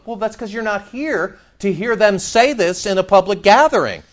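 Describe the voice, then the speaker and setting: A male pastor preaching in a church. He is animated, with sudden loud outbursts and mock back-and-forth dialogue. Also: sits high, a little slow, dull audio. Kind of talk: sermon.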